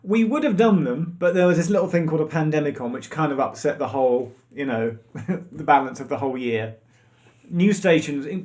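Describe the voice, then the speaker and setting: A man's voice: fairly high pitch, fairly quick, a little mellow. A man co-hosting a casual quiz night stream, chatty and self-mocking, rambling through facts. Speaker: quiz co-host. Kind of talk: casual live-stream chat.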